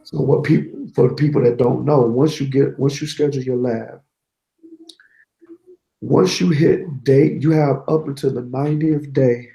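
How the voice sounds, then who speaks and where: Interview guest, male: gravelly, candid storyteller, echoey room. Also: mid-range voice, normal speed. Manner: candid, animated storytelling with quoted dialogue. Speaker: guest, certified network engineer.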